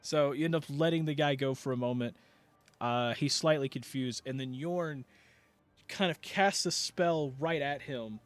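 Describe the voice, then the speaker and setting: A man's voice: mid-range voice, unhurried, no room sound. A man narrating a tabletop game as game master, rambling through the scene with many fillers and restarts.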